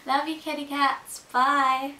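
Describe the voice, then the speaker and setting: A woman's voice: sits high, level tone, slow pace, sharp tone, reverberant, low-quality recording. An eighteen-year-old woman from South East England, chatting to her camera in a rambling, giggly way on a built-in camera mic. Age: teens. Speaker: vlogger. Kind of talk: casual chat to camera.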